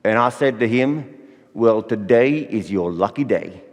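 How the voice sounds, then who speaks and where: A man's voice: on the low side, lively intonation, measured pace. An actor playing Joseph as a folksy, anxious young father, drawling with country grammar, in a church Christmas monologue. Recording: echoey church hall.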